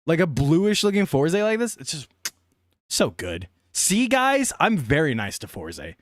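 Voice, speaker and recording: A young man chatting casually on a live stream, excitable and laughing often. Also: a little high, unhurried, dry recording, clean studio sound.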